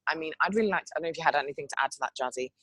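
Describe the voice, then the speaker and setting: A woman from England hosts a motivational talk, telling stories in an animated way and adding sound effects. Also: deep voice, racing, no room sound, rough recording. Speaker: host.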